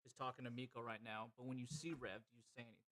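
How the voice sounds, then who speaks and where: Man, game master, tabletop game narration, mid-pitched, casual, joking asides. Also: fairly even intonation, racing, a bit bright.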